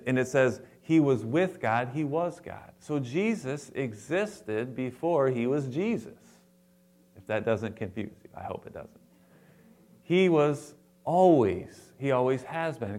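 A man preaching a sermon as a pastor to his congregation, animated and playful, acting out the lines he quotes. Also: medium pitch.

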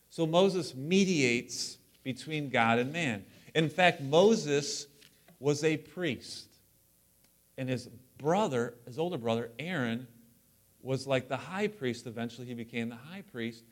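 Male pastor, slightly high voice, animated preaching with jokey asides. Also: measured pace. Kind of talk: sermon. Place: church sanctuary.

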